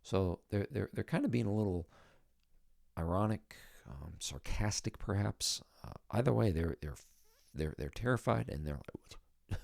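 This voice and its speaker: A man with a deep, gravelly voice talks through a Bible passage in a relaxed, conversational way. He thinks aloud and presses on key words. The recording is close and dry. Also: moderate pace, no room sound. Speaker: Bible teacher and podcast host. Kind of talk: casual spoken Bible teaching.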